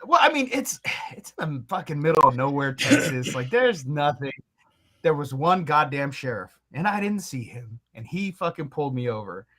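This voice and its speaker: Guy with kinda high voice telling a story, deadpan, swears, casual podcast. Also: normal speed. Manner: deadpan, profane anecdote-teller. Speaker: podcast co-host.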